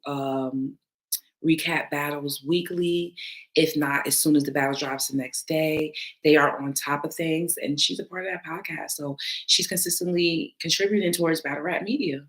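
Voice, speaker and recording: A woman battle rap panelist answering viewer comments in candid, casual talk, blunt and emphatic, swearing freely. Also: low voice.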